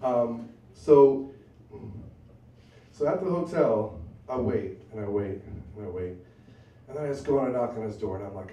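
A man's voice: mid-range voice, normal speed, mellow, slight background noise. Wry man telling a story on stage. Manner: conversational, wry, full of asides. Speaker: storyteller at a live event. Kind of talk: live personal storytelling. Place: bar venue with a live audience. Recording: roomy, from a distance, faint ambience.

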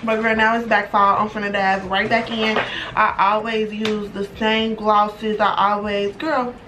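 A young woman chatting excitedly and casually through a makeup unboxing, full of slang and swearing. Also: medium pitch, a little slow. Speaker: beauty vlogger. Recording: distant mic with background noise.

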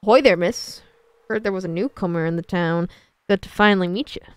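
A woman voicing a hearty older male sailor and shopkeeper, in a put-on seafaring accent with a gruff, friendly drawl. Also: on the low side, fairly quick, no echo, lightly acted.

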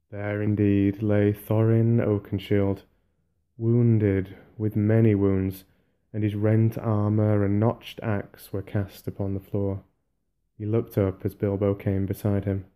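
A man reading an audiobook softly for sleep, in a calm, even way. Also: lowish voice, unhurried. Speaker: audiobook narrator.

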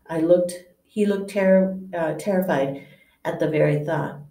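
A woman reading a novel aloud to listeners, unhurried, often stumbling and correcting herself, and acting out a stammering character. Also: lowish voice, fairly even intonation, dark tone, reverberant, distant mic. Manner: unhurried, stumbling over words and self-correcting; acts out a stammer for the nervous professor.

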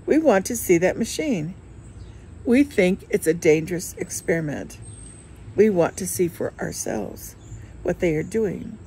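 A woman's voice: fairly low pitch, animated, a little slow, a little mellow, a little hiss or hum, low-quality recording. A woman reading the lines of an earnest, outspoken widowed former nurse, in an insistent manner.

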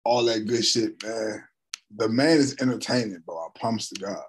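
Husky excitable man in his thirties. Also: on the low side, moderate pace, low-quality recording. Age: 30s. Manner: excitable, slangy and profane. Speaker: reaction video host. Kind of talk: casual reaction commentary.

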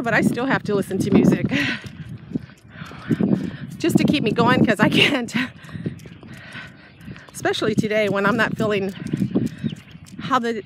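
Breathless woman chatting on a windy walk. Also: on the high side. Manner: rambling, chatty, laughs often. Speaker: vlogger. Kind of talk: casual vlog chat while walking. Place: outdoors by a bay, windy. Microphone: handheld device held while walking. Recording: loud wind and outdoor noise. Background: wind, birds, dog.

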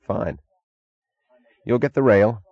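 A man voicing a cold steel magnate who bargains in an even, dryly mocking tone. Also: on the low side, slow, dry recording, highs cut off, pitched above the performer's own voice.

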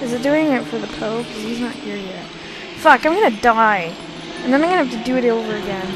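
A young woman gaming on camera, swearing and pleading loudly at the enemies she fights. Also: a little high, animated, a little fast, noisy background. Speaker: let's play gamer. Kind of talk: panicked gameplay commentary. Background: game music.

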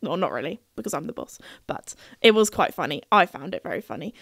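A woman's voice: on the low side, sing-song, quick pace, gravelly, no echo, studio quality. A young woman hosting a podcast, telling a story in a chatty, playful way and laughing at herself. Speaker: podcast host.

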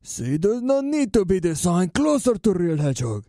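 A man doing an impression of an older Japanese man who speaks in halting, broken phrases with a put-on Japanese accent. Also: high-pitched, very animated, mellow, no echo, studio quality. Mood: gently puzzled. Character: elderly Japanese man, a game artist, gently matter-of-fact.

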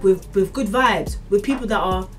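A woman's voice: mid-range voice, normal speed, a bit bright, far from the mic, faint music behind. A young woman, ranting casually to camera with lots of fillers and earnest, preachy encouragement. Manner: rambling, repeats itself, many fillers like "like" and "as in". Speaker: vlogger.

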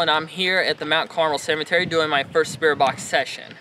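A man, a paranormal investigator vlogging outdoors in a cemetery at dusk, calling out questions to spirits in a loud, clear voice. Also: a little high, fairly even intonation, fairly quick. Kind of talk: vlog, ghost-hunting session. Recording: loud outdoor noise, traffic hum. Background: loud outdoor noise.

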